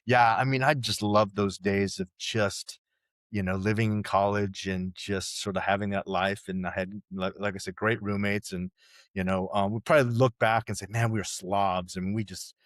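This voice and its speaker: A man's voice: lowish voice, fairly even intonation, moderate pace, no room sound. Podcast guest, sixties, male: rambling, salty storyteller, dry close mic. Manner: rambling, profane, many restarts and "you know"s. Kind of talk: casual storytelling chat.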